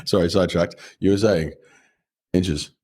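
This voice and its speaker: A man from the UK co-hosting a loose, sweary podcast chat. His voice is very deep. He stumbles and restarts his sentences and keeps breaking into laughter. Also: slow, darkish tone, a little hiss or hum. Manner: blunt and swearing, laughs often, frequent restarts. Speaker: podcast co-host. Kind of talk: casual chat.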